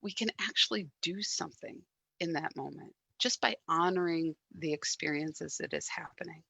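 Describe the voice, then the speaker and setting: A woman giving a reflective sermon, speaking gently with soft pauses and quiet moments. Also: sits low, creaky, husky, dry recording. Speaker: guest speaker at a church service.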